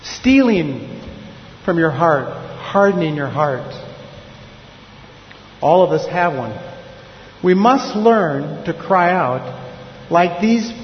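A middle-aged man preaches with a high, lifted voice, turning his own failings into questions for his listeners. The sound is dull and lo-fi. His words ring out in a long hall reverb over a faint hum of room noise. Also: expressive, slow, pauses often. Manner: reflective, confessional, rhetorical questions. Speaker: pastor. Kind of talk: sermon.

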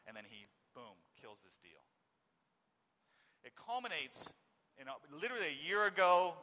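A man in his forties giving a personal testimony. He swings between loud emphasis and very quiet, halting speech. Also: medium pitch, long reverb tail. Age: 40s.

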